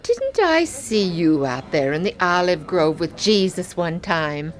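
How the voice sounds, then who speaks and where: A nosy prying bystander. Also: female voice, on the low side, big pitch swings, unhurried, faint music behind. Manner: prying, insistent. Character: nosy woman bystander accusing a stranger. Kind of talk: old-time radio drama acting.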